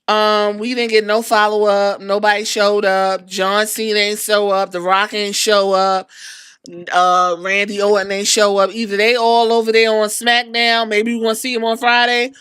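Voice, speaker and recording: A woman hosting a podcast, recapping wrestling in a casual, animated and profane way. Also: mid-range voice, moderate pace, clean tone, no room sound, clean studio sound. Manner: animated, profane, acts out quotes. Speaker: podcast host.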